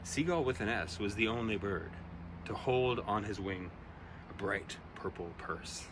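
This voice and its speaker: A man reading his own rhyming children's poem aloud, with an expressive, rhythmic delivery. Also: fairly low pitch, a little slow, background noise. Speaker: storyteller.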